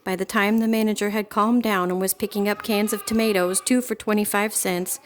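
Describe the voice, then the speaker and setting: A woman reading a children's storybook aloud in a gentle, expressive storytelling manner. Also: medium pitch, brisk, slight background noise. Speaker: storybook reader.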